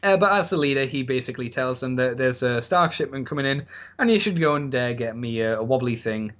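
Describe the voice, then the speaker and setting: A man's voice: medium pitch, lively intonation, a little fast, a bit bright. A young man hosting a casual podcast, recapping an episode in a rambling, laughing way with the odd swear. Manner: rambling, laughing, swearing, with put-on voices for quotes.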